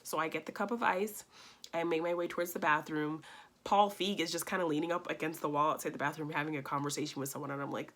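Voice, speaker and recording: A woman's voice: lowish voice, fast, pushed and bright. A woman giving a casual movie review, talking with gushing enthusiasm and telling stories.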